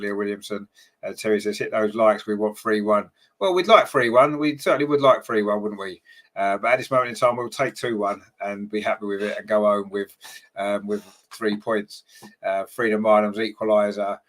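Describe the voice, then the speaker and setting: Male fan host, lowish register, casual partisan play-by-play with chat reading, filler-heavy. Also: a bit bright. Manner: chatty, partisan, many ums and tag questions. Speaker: watchalong host and commentator.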